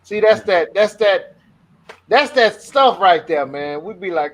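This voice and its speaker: A man's voice: high voice, animated, a little slow. A man co-hosting a podcast, chatting casually and acting out quotes while telling stories. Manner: laid-back, storytelling, acts out quotes. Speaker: podcast co-host. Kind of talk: casual chat.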